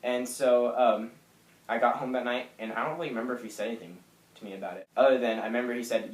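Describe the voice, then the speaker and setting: A man's voice: mid-range voice, steady tone, quick pace, reverberant, rough recording. A young man telling his personal story to the camera in a candid, hesitant way with frequent fillers. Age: young adult. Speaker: vlogger.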